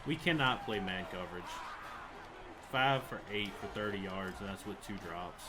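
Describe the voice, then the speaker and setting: This gaming channel host is a young man with a deep voice, speaking at a moderate pace. Frustrated by a football video game, he rants and swears about the plays in live commentary.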